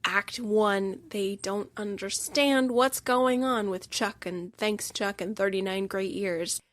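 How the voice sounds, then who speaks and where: A woman hosting a podcast, her voice sitting at an ordinary middle pitch. She talks in an enthusiastic, emphatic monologue and slips into hushed whispers to stress a point. The sound is dry and close, with no room around it. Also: slow, no echo. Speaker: podcast host. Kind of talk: enthusiastic film review monologue.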